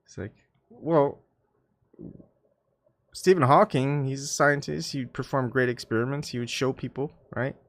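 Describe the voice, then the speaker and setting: A man's voice: medium pitch, moderate pace, pauses often. A man hosting his own channel, chatting casually to his live-stream viewers in a rambling, self-mocking way with lots of fillers and restarts. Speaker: YouTube channel host.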